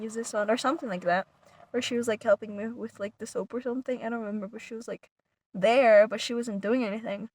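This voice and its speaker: A woman telling a long story casually to her viewers, rambling with many "like" fillers and restarts, sometimes dropping to a whisper. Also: on the high side. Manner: animated retelling, some words dropped to a whisper. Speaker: vlogger.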